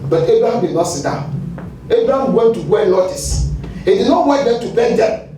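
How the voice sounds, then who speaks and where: A male pastor with a Ghanaian English accent, preaching a fiery sermon and shouting at its peaks. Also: extremely high pitch, expressive, a little fast. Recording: echoey hall, far from the mic, light noise.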